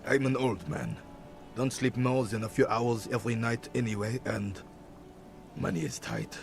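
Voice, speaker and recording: A man voicing a proud, gruff old veteran guard in a video game who scolds in clipped, formal sentences. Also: medium pitch, normal speed, music in the background, close to an everyday voice. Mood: weary. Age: older. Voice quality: gravelly.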